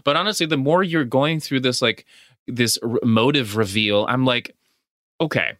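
A man co-hosting a casual podcast about films, talking in an excited way with exclamations and quick restarts. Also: medium pitch, no room sound, studio quality. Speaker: podcast co-host. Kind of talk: casual movie chat.

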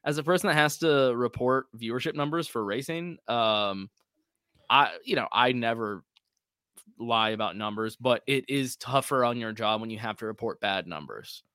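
A man's voice: medium pitch, moderate pace, sharp tone, no room sound. Chatty, rambling man with a dry, close sound. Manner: chatty, rambling, filler-heavy. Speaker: podcast co-host. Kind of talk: casual chat.

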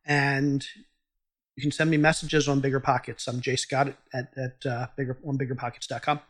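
A man with a mid-range, fairly bright voice speaks at normal speed in a level tone. He's a podcast host and entrepreneur fielding interview questions, giving earnest advice and making small restarts.

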